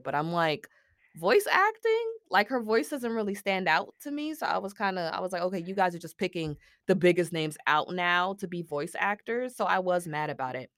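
A woman co-hosting a casual movie review podcast, animated and exclaiming, with slangy talk. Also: sits low, no echo, studio quality. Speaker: podcast co-host.

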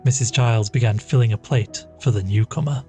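A man reading a classic story aloud as storyteller, in a measured, steady manner. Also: mid-range voice. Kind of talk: scripted narration of a classic story. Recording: faint background music.

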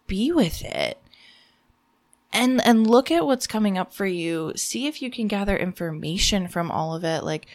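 A young adult woman hosting a podcast, giving a gentle motivational talk in a soothing, reassuring way, often saying "like". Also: on the low side. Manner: soothing, reassuring, frequent "like" fillers. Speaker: podcast host.

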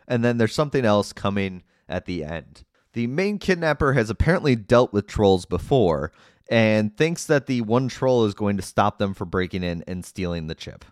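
Low-voiced man recapping a movie. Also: no room sound, clean studio sound. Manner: chatty and skeptical, picks at plot holes. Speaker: movie reviewer.

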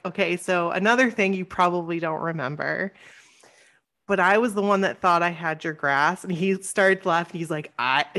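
A woman podcast host telling a story in casual chat, acting out quoted lines with lively voice changes. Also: lowish voice. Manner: animated, acts out quotes with shifting voice.

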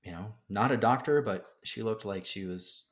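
Low-voiced man telling a lively story. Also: moderate pace. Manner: animated storyteller who acts out quotes. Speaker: guest. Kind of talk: casual storytelling in a podcast interview.

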